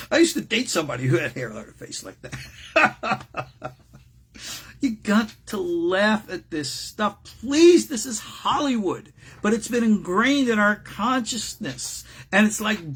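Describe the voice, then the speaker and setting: With a raspy, slightly high voice, an older rabbi runs an informal religious class. He keeps it animated and joking, full of frequent asides.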